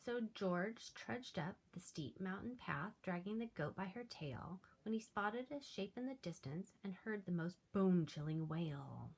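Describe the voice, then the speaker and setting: A school librarian reading a picture book aloud to children with animated delivery. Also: female voice, medium pitch, moderate pace, hardly any pauses, slight background noise, poor audio. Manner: animated read-aloud with soft asides.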